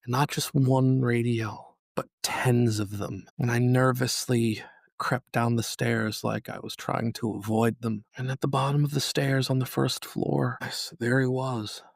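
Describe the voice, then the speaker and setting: Gravelly, monotone man, solemn monologue. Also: mid-range voice, no echo, studio quality. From New York. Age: 30s. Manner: solemn, slow and measured with angry emphasis. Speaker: podcast host. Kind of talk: personal reflective monologue.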